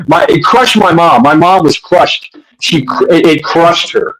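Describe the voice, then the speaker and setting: A man's voice: fairly high pitch, normal speed, poor audio. A middle-aged man hosting a casual livestream chat, telling crude, rambling stories full of restarts and fillers. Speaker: host.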